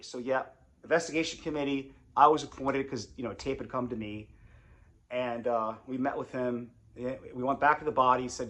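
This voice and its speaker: A man's voice: mid-range voice, moderate pace, a bit bright. A man and former congregation elder telling his story in a casual, confessional way, rambling and repeating phrases.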